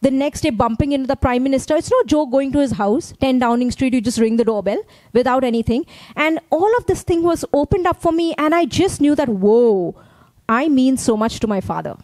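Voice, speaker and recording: A woman's voice: high voice, lively intonation, a little fast, darkish tone, dry recording, rough recording. A woman pastor from India, preaching a sermon in a conversational way and often checking in with her listeners.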